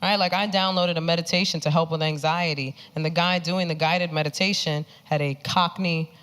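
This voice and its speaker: A woman from the South Bronx with a New York accent, performing a lively stand-up comedy set. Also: lowish voice, fairly quick, clean tone. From South Bronx, New York City. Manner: animated, punchy, laughing through her lines. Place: comedy club stage. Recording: loud live audience noise.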